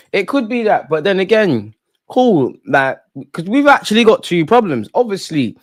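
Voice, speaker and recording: A man's voice: on the high side, dry recording, clean studio sound. A man hosting a live football watch-along, talking in a casual, opinionated, rambling way full of slang. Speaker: football fan channel host.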